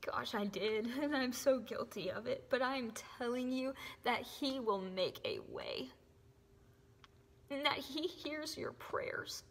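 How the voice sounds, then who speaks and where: A young woman gives an earnest, emotional faith testimony to camera, often dropping to a soft whisper. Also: high-pitched, very animated, slow pace, creaky. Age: young adult. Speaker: faith vlogger. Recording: echoey room with long reverb.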